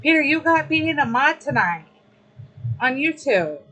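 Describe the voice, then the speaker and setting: Young woman on a livestream, chatty and emotional, talks kinda slow. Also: high voice, big pitch swings, bright, forceful tone, poor audio. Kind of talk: casual live-stream chat.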